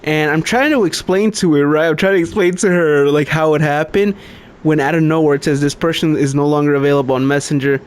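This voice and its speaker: A young man on a casual podcast spins a rambling, swear-heavy story and laughs along the way. His voice sits a little higher than most men's. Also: fairly quick, clear, resonant tone. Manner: profane, storytelling, laughs often. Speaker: podcast co-host. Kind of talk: casual chat.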